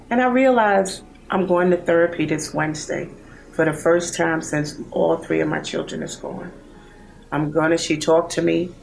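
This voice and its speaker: Gravelly-voiced grieving woman in her sixties. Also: deep voice, a little hiss or hum, poor audio. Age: 60s. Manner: heartfelt, halting, grieving. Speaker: bereaved mother in a support program. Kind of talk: personal testimony.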